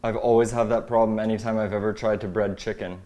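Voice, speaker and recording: Casual male co-host, teasing, relaxed banter. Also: fairly low pitch, fast. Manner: teasing, conversational. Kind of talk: casual chat.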